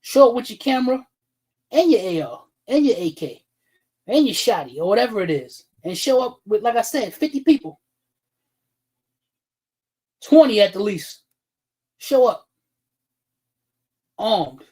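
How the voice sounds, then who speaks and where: A man's voice: high voice, sing-song, unhurried, pauses often, a little mellow, husky, low-quality recording. A man hosting a livestream, ranting bluntly and heatedly with heavy profanity and calling out viewers in chat by name. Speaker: livestream host. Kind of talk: livestream commentary rant.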